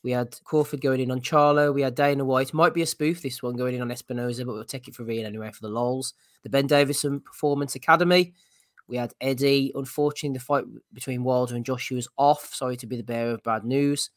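A man hosting a boxing podcast, steering the chat and running through a segment list in an easygoing way. He has a middle-pitched voice, recorded dry and close. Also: fairly even intonation, fast, dry recording. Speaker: podcast host.

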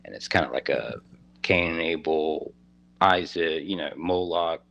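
A man casually telling a personal story in a rambling, halting way, full of "you know" and "like". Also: a bass voice, creaky, a bit bright, low-quality recording.

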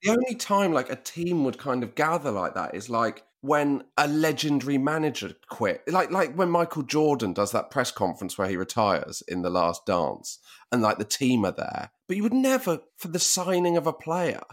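A man's voice: mid-range voice, very animated, normal speed. A man co-hosting a podcast, making wry, sarcastic remarks and swearing casually. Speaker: podcast co-host. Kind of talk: casual film review chat.

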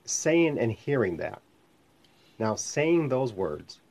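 A man's voice: mid-range voice, big pitch swings, slow pace, creaky, darkish tone. A man who is a minister and podcast host, teaching in a conversational, rambling way and often correcting himself. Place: home studio called the lab. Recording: slightly muffled lo-fi sound.

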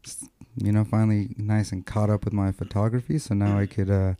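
Laid-back man with a low, mellow voice. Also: level tone, fairly quick, no echo. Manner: laid-back, lots of affirming murmurs. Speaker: podcast co-host. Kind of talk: casual podcast chat.

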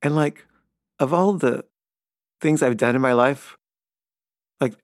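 A middle-aged filmmaker telling a personal anecdote in a loose, rambling way, full of fillers and stammered repeats. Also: male voice, medium pitch, unhurried, no room sound, studio quality. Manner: stammers and repeats himself when flustered. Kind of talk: casual spoken anecdote.

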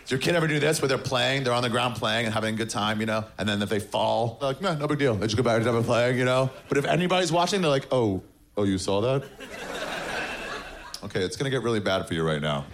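Gravelly sardonic male stand-up comic. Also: lively intonation, rapid-fire, hardly any pauses. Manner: sardonic, acts out characters in high shouted voices. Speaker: stand-up comedian. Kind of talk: stand-up set. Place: comedy club stage with audience. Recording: noisy live club recording.

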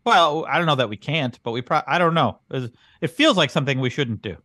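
A man playing the puzzled straight man in improvised podcast comedy, questioning each absurd claim his partner makes. His pitch swings widely and animatedly as he reacts. The recording is close and dry. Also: lively intonation, a little fast, pushed and bright, no echo. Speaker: podcast co-host.

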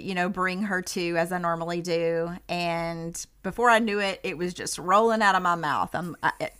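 Animated woman telling a story. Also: fairly low pitch, moderate pace, few pauses, clean tone. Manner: animated storyteller, acts out quoted dialogue. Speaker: medium, podcast guest. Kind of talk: storytelling in a podcast interview.

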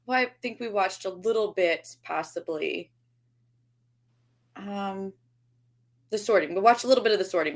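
A woman co-hosting a podcast over a video call, rambling cheerfully and laughing at herself. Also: mid-range voice. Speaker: podcast co-host. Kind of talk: casual chat.

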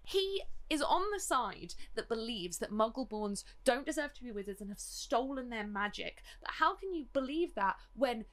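A woman's voice: fairly high pitch, very animated, moderate pace, hardly any pauses, a bit bright. A young woman co-hosting a casual book discussion, thinking aloud with analytical enthusiasm. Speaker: podcast co-host.

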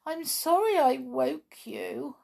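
A woman's voice: high voice, lively intonation, slow, creaky, darkish tone, voice pushed up, full character voice. A woman voicing a tired, frightened little girl who is crying. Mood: tearful. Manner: tearful, wailing.

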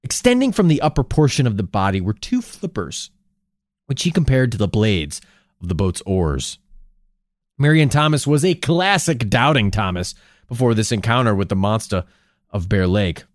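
A man's voice: on the low side, very animated, moderate pace, no echo, studio quality. A man co-hosting a podcast, retelling an old story in a casual, jokey way with sarcastic asides. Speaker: podcast co-host.

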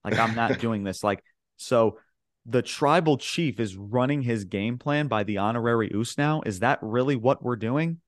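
In studio-quality audio with no echo, a podcast co-host with a medium-pitched voice talks at a normal speed. He recaps wrestling in loose, rambling casual chat packed with filler words, acting out what people said.

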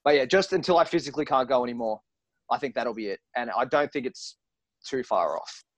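A man's voice: mid-range voice, fairly quick, no echo. A man who wrestles for a living, telling stories in a casual interview. He swears freely and acts out what other people said. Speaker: professional wrestler guest. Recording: dull lo-fi recording.

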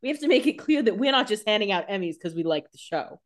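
A woman's voice: mid-range voice, lively intonation, quick pace. A young woman with an ordinary mid-range voice co-hosts a casual podcast. She banters bluntly and jokes freely, with casual swearing. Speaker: podcast co-host. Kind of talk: casual chat.

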